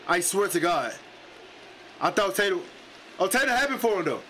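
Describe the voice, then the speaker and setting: Excitable, profane reaction-video man. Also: normal speed, heavy background noise. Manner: excitable and profane, jumping from loud high outbursts to low muttering. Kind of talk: casual reaction commentary.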